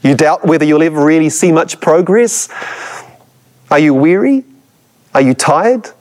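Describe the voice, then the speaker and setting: A man's voice: fairly high pitch, measured pace, a little mellow. A man, a church history lecturer, preaching a sermon with dramatic emphasis and rhetorical questions put to his listeners.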